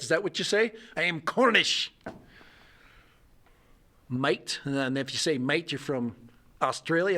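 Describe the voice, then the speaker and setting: A man's voice: on the high side, a bit bright. A middle-aged man hosting a casual livestream, rambling and joking as he reads out viewer comments. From United States. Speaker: livestream host.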